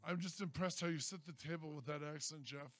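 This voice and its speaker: A man's voice: fairly high pitch, fairly quick, fairly bright tone, no echo. A man co-hosting a radio show, telling stories and teasing the others in casual banter. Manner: storytelling, sarcastic, teasing. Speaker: radio co-host.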